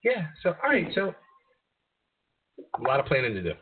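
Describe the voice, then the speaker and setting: A man's voice: on the high side, normal speed, noisy background. A man hosting a radio show, chatting casually with a guest and laughing often. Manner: laughing, relaxed banter. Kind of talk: casual chat. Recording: tinny phone-like audio.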